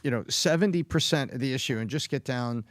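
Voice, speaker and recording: A man's voice: medium pitch, fast talker, no echo. A married man co-hosting a casual chat, telling a rambling story and laughing mid-sentence. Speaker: co-host.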